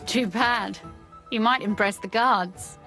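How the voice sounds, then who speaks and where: A woman's voice: on the high side, slow pace, pushed and bright, faint music behind, heavily acted. An actress playing a young woman with dry, teasing wit, seeing off a friend. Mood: wry. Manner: dry, teasing, then tender. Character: wry young woman saying a fond farewell. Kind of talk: video game dialogue.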